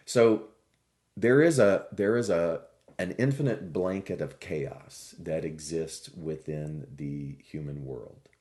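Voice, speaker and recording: A man who teaches spirituality, telling a parable in a reflective, expressive sermon. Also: rumbling low. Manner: slow, reflective, expressive storytelling. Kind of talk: storytelling sermon.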